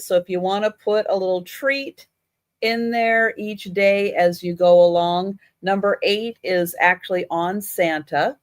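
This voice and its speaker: A woman hosting a live online vintage sale, describing items in a relaxed, chatty way with lots of fillers. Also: medium pitch, no room sound, clean studio sound. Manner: unhurried, chatty with many fillers. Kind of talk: casual live selling.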